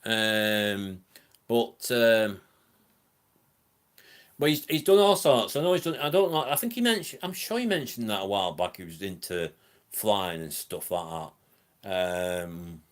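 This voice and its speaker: A man's voice: on the low side, expressive, unhurried. A man with a northern Lancashire accent hosting a live stream from home, chatting casually in a rambling way with many ums and reading out comments from the chat. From England.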